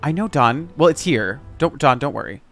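A man's voice: medium pitch, animated, normal speed, fairly bright tone, faint music behind. A young man chatting sarcastically while playing a game on a live stream, exclaiming often.

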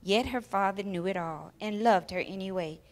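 A woman telling a children's story aloud during a church service, with expressive, emotional storytelling. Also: medium pitch, moderate pace.

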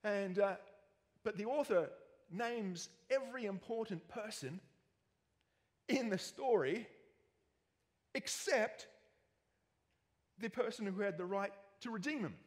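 A man with an Australian accent preaches a sermon with a fairly high voice, joking and animated, with self-mocking asides. His voice carries a long reverb through the church hall. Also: slow, pauses often.

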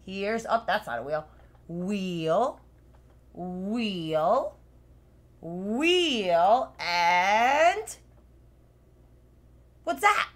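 A young woman leads a live lesson for small children, stretching and repeating each word so they can say it back. Her pitch swoops up and down a lot, and she talks very slowly. Her voice is still a bit worn from being unwell. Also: big pitch swings. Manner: slow, exaggerated, repeating words for kids to copy. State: voice still not fully recovered. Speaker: children's speech teacher.

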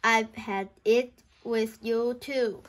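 A bossy, grumpy male school principal speaks with gruff demands, as a woman reads him aloud. The delivery is slow and fairly high-pitched, in a children's storybook reading. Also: fairly even intonation, fairly bright tone. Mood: angry.

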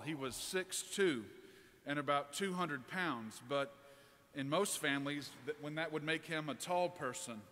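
A man preaches a sermon in a large church, easing into it with a personal story told in a relaxed, conversational way. His voice sits fairly high and sounds bright and forceful. Long reverb rings around him. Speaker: priest preaching.

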